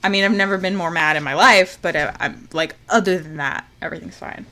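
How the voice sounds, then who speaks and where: A woman streaming a video game live, talking casually and in exasperation, swinging from loud outbursts to low muttering and swearing freely. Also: a little fast, a little hiss or hum.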